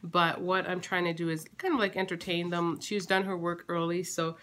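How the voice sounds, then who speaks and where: Bright-voiced chatty vlogging mom. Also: female voice, on the low side, steady tone, moderate pace, slight background noise. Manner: chatty, teasing, laughs easily. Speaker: mother and family vlogger. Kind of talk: casual vlog chat. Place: family home, kitchen.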